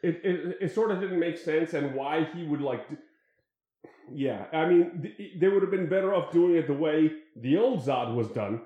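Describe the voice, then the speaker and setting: A man's voice: a little high, moderate pace, roomy sound, muffled recording. A man in casual chat about films, hesitant, full of restarts, swearing casually.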